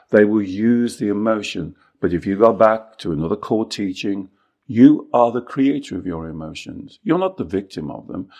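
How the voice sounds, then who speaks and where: A man's voice: fairly low pitch, lively intonation, normal speed, vocal fry, a little mellow. A middle-aged man, a life coach, explaining his method in an earnest, repetitive podcast talk.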